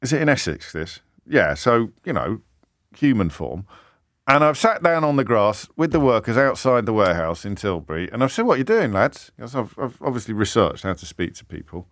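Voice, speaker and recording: A man hosting a talk radio phone-in, speaking in an animated, indignant way and firing off rhetorical questions. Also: lowish voice, normal speed, no room sound, clean studio sound. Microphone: studio microphone.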